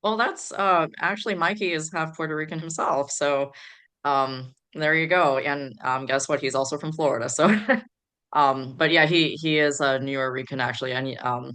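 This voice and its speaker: Rambling woman guest with a bright voice. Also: low voice, steady tone, normal speed. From Chicago area. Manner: rambling, digressive, many fillers. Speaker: podcast guest. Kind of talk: casual podcast chat.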